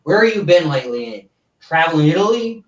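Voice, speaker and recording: A man's voice: fairly high pitch, big pitch swings, fairly quick, recorded from a distance. A man doing an impression of an older male TV variety show host, with a stiff, stagey announcer delivery. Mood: showy. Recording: roomy, away from the mic.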